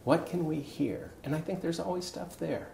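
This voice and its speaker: A man in his sixties, a coach, telling a personal story in a conversation with big swings of pitch. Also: moderate pace, gravelly, a little mellow, a little hiss or hum. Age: 60s. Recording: echoey room with faint ambience.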